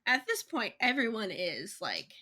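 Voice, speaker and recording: A young woman co-hosting a casual book podcast, retelling a story in a chatty way with quick voiced asides. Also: medium pitch, big pitch swings, bright, forceful tone. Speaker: podcast co-host.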